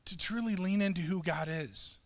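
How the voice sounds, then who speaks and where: A man's voice: high-pitched, moderate pace. A middle-aged man preaching a sermon as pastor, talking in a conversational, self-deprecating way and often restarting his words. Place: church sanctuary. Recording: long church hall reverb.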